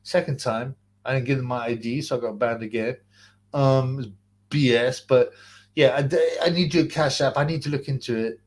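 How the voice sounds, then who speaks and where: A man's voice: mid-range voice, steady tone, normal speed. A young man hosting a live stream, chatting casually, rambling in slang and thanking donors. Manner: rambling and slangy, laughs often, trails off into mumbles. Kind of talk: casual live-stream chat reading donations and questions.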